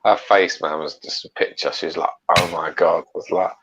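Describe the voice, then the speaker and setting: A man's voice: deep voice, brisk, background noise. A man bantering bluntly and profanely with friends. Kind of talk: casual banter. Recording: dull lo-fi sound.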